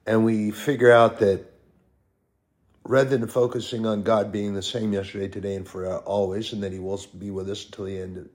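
A man preaching a sermon, stressing points with repeated lists and drawn-out words. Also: on the low side, level tone, darkish tone.

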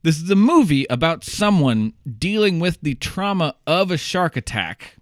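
Young guy hosting a movie podcast, super lively pitch, laughs a lot, dry close mic. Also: normal speed, no room sound. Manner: animated, laughs often, swears casually. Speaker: podcast host. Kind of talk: casual movie-review podcast chat.

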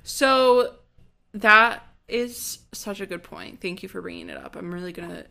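Gravelly-voiced woman recapping an episode. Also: on the low side, sharp tone. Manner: quick, sardonic retelling. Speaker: podcast co-host.

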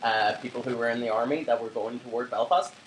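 Speaking fast in a steady, medium-pitched tone, a young man rambles through a long story as a podcast co-host, laughing and swearing often in relaxed conversation. The roomy recording, made in a flat, carries faint ambience plus a little hiss or hum.

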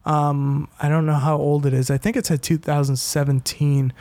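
A man's voice: fairly high pitch, level tone, moderate pace, a little mellow, dry recording. A man hosting a solo podcast, talking in a rambling, profane and self-mocking way. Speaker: comedian and podcast host. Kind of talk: casual solo podcast monologue.

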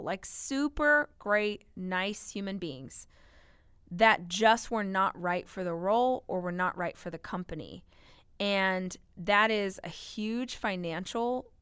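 Woman, business podcast host, solo talk, emphatic and upbeat, smooth clear voice, dry close mic. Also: mid-range voice, no echo. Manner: energetic, emphatic, speaks straight to listeners.

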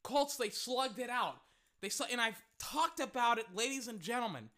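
An excitable fan commentator calling live football play-by-play, bursting out loudly on big plays and talking straight to listeners. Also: medium pitch. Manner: excitable, loud bursts, rapid asides to listeners.

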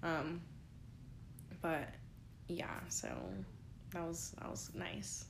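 A woman's voice: lowish voice, fairly even intonation, very slow, creaky, noisy background. A young woman co-hosting a podcast, telling stories in a casual, chatty way full of fillers, sounding tired. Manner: chatty storytelling with many likes and ums. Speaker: podcast co-host. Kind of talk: casual chat. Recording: roomy echo.

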